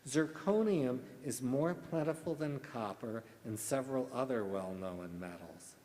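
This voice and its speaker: A man's voice: medium pitch, dark tone. A man serving as pronouncer at a spelling bee, reading out words and their definitions in a formal, carefully enunciated manner. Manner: slow, deliberate enunciation. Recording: echoey hall.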